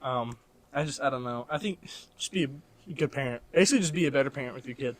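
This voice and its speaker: A man's voice: mid-range voice, fast talker. Rambling young man on a podcast. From Missouri, American Midwest. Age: young adult. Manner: rambling, full of "like" and restarts, laughs often. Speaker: podcast co-host. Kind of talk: casual chat.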